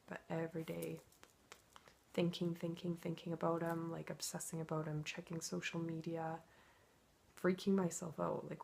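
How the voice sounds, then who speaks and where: A woman's voice: fairly low pitch, little pitch movement, normal speed, creaky, a little mellow, a little hiss or hum. A woman telling her own emotional story in a confessional vlog, acting out her inner thoughts as she goes. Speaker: twin flame coach.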